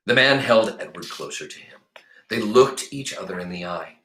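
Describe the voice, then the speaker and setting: Brief: low-voiced male teacher doing an animated read-aloud, echoey room. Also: moderate pace. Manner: expressive, animated storytelling. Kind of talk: reading a novel aloud to a class.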